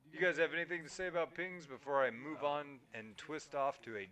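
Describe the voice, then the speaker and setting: A man's voice: on the high side, steady tone, brisk, sharp tone. A man co-hosting a casual gaming podcast, explaining things in an emphatic way and swearing casually. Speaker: podcast co-host. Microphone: streaming microphone.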